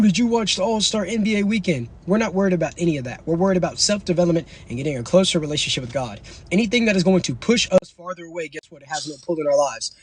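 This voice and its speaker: A man's voice: a little high, slightly rough. A man hosting a livestream, lecturing his viewers in a slangy, preachy way. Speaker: livestream host. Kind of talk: casual livestream talk.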